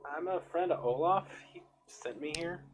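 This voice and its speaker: A man voicing an earnest young adventurer in a flat read-aloud manner. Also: on the high side, normal speed, noisy background, voice pushed up, close to an everyday voice.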